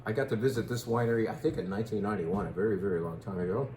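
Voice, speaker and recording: A man's voice: fairly low pitch, fairly even intonation, rapid-fire, warm tone, reverberant, a little hiss or hum. A man in his fifties hosting a casual wine tasting, chatting playfully and joking about how to pronounce names. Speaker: wine shop host.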